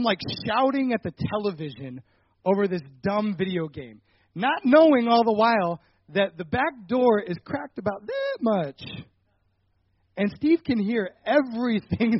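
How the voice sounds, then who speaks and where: A young man giving a personal faith testimony, telling a story animatedly and getting loud at the dramatic parts. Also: sits high, a little slow, slightly rough, no room sound, highs cut off. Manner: animated storytelling, rising loud when retelling anger.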